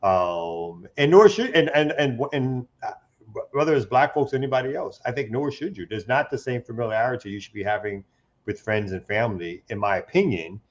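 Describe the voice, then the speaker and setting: A man's voice: mid-range voice, expressive, fairly quick. A man co-hosting a casual talk show, speaking in a loose, slangy way with frequent restarts and asides. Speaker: co-host. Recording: dull lo-fi sound.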